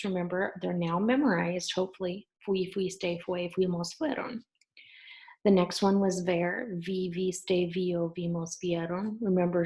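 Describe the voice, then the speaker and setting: A woman teaching a class, patiently repeating verb endings slowly. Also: on the low side, vocal fry, darkish tone, rough recording. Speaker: Spanish teacher. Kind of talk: recorded class lesson.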